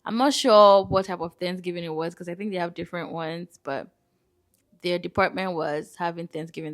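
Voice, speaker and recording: A woman from Nigeria, narrating a travel vlog as an animated, chatty storyteller. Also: fairly low pitch. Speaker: vlogger.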